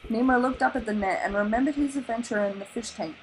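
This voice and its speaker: A woman with an Australian accent reading a children's novel aloud in an animated, expressive way. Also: on the high side, fast, a little hiss or hum, rough recording. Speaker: storybook reader.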